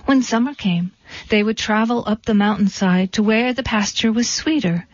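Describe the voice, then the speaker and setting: A woman reading a storybook in a dry, deadpan way. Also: medium pitch, moderate pace, no room sound. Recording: dull, dry recording.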